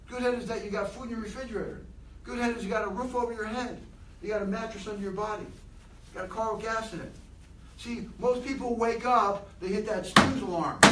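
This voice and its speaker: A man giving an animated motivational talk to a room of people, asking them many questions. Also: sits high, roomy sound, distant mic, a little hiss or hum, poor audio. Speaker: motivational speaker.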